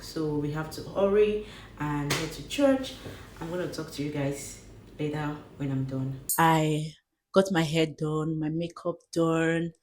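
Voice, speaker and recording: Low-voiced woman vlogging in an echoey room. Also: darkish tone, recorded from a distance, a little hiss or hum. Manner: candid and personal, with repeated phrases. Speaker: lifestyle vlogger. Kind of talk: casual vlog talk to camera. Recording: echoey room with faint ambience.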